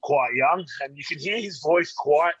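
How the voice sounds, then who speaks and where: Husky man hosting a podcast. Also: on the high side, no room sound, highs cut off. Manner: relaxed, halting questions with restarts. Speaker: podcast host.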